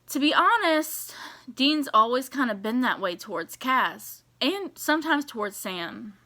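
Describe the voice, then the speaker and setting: A woman giving casual, animated reaction commentary on a TV episode, exasperated and swearing as she rants. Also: fairly high pitch. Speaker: TV reaction vlogger.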